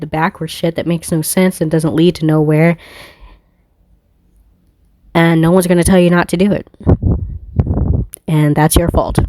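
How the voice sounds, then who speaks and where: A woman with a lowish voice muses aloud in a loose spiritual monologue as a tarot reader. She rambles, swears freely and laughs at her own thoughts. The sound is dry and close. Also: warm tone, no room sound. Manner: rambling, profane, laughs often.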